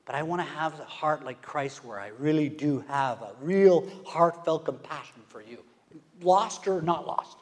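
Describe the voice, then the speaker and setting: A man preaching a sermon, asking the congregation questions and swinging from hushed whispers to loud, emphatic calls. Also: fairly high pitch, moderate pace, few pauses. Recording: long hall reverb.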